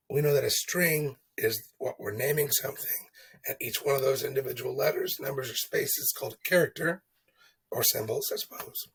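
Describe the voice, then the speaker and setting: In a casual screen-recorded lesson, a teacher walks through coding exercises, chatting and thinking aloud and often checking in with "okay?". His voice is medium-pitched and gravelly with a breathy edge, and the recording is rough.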